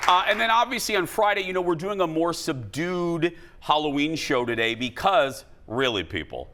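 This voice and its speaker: Man, talk show host, bright voice, joking, rambling chat, faint noise. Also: fairly high pitch, lively intonation, moderate pace, some chatter behind. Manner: chatty, joking, rambling with fillers. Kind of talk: casual studio chat. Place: TV studio with audience.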